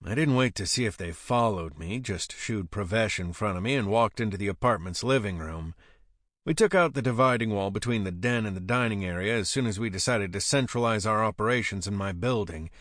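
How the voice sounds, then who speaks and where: A man's voice: on the low side, brisk, a bit bright, dry recording, clean studio sound. A man reading an audiobook aloud, narrating with a wry, sardonic manner. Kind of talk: scripted narration.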